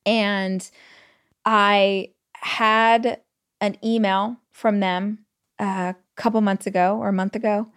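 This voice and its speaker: A woman hosting a solo podcast, telling personal stories in a chatty, animated way full of "like" fillers and quoted thoughts. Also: medium pitch, takes it slowly, clear, resonant tone. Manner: retells stories with quoted inner speech. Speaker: podcast host. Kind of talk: casual solo podcast storytelling.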